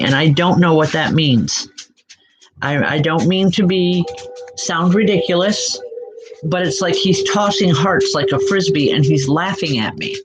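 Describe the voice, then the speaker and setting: A woman giving spiritual readings live to online viewers, speaking gently and reassuringly, calling people by name with many soft hesitations. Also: on the low side. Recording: dull lo-fi sound with music behind. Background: background music.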